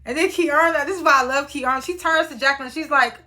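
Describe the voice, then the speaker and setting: Young woman with a high bright voice, blunt and cussing, recapping reality tv. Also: brisk, hardly any pauses. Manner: animated, blunt and profane, acts out quotes. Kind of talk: casual recap commentary.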